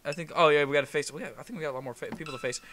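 A man giving casual, rambling commentary while playing a game, excitable and swearing freely. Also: a little high, racing, a crowd in the background. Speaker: gameplay commentator. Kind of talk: casual let's-play commentary. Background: game music.

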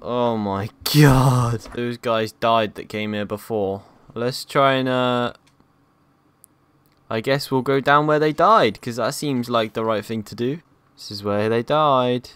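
Young guy, horror gameplay commentary, slow-talking, jumpy, swears a lot. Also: medium pitch, fairly bright tone, clean tone, dry recording. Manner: jumpy, swears and yelps at scares. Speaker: gaming YouTuber.

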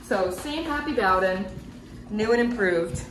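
A woman dog trainer giving a calm, matter-of-fact demonstration inside a house, explaining to viewers between brisk praise for her dog. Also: mid-range voice, noisy background. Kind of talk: instructional demonstration.

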